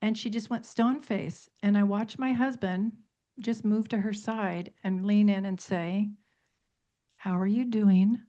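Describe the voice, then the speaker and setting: A woman's voice: medium pitch, fairly even intonation, a little slow, dark tone, muffled recording. A middle-aged woman teaching about temperaments on a radio talk show, emphatic, stringing words into long lists and repeating points for stress.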